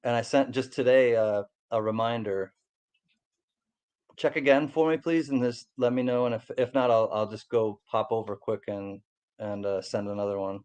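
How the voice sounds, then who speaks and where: Male co-host, mid-pitched, easygoing, stop-start phrasing. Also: steady tone, a little mellow, smooth. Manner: halting, repeats words, easygoing. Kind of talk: casual chat about coin collecting.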